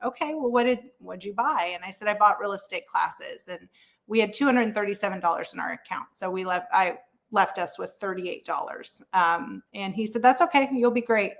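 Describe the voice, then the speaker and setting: A woman's voice: medium pitch, moderate pace, creaky, a bit bright. A woman in her thirties, a real estate agent guest, telling her story in a frank, chatty way with many fillers and frequent laughs. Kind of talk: candid storytelling interview.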